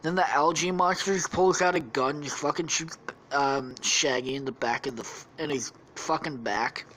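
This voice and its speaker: A woman's voice: low-pitched, moderate pace, a bit bright, slight background noise, low-quality recording. A woman hosting a podcast, telling a crude comic story loosely with lots of swearing and laughter. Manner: profane, laughing, loose retelling. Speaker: podcast host.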